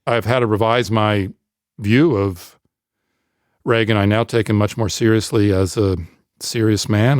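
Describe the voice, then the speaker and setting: A man co-hosting a podcast, talking in a measured, analytical way. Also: lowish voice, darkish tone, no echo, clean studio sound. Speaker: podcast co-host. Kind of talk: conversational discussion.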